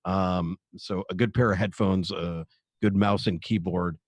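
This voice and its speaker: A man's voice: sits low, steady tone, a little slow, no room sound. A man talking in a casual panel chat, hesitant with many fillers and restarts. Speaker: streamer panelist.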